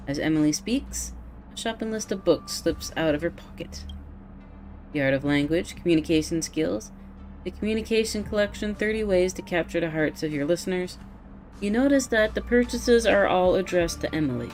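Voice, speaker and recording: A woman's voice: lowish voice, moderate pace, a little mellow, soft background music. A woman playing a game and reading its narration aloud in a plain, matter-of-fact way.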